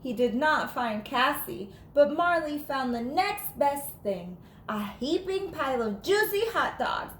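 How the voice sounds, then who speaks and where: In an echoey room with faint background noise, a female teacher gives a playful, animated read-aloud of a children's picture book. Her pitch rises and falls widely, and she takes her time at a measured pace with hardly any pauses.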